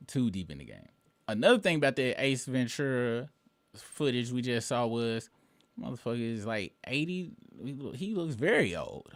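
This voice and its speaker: A man's voice: mid-range voice, animated, normal speed, no echo. A man in his late thirties hosting his own show, delivering a rambling, profane commentary monologue with emphatic bursts. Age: late 30s. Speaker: show host.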